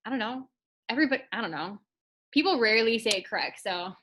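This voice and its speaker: Bright, easygoing young-sounding woman. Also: fairly high pitch, expressive, fast. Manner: easygoing and unbothered. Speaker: team member and guest speaker. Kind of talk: casual chat.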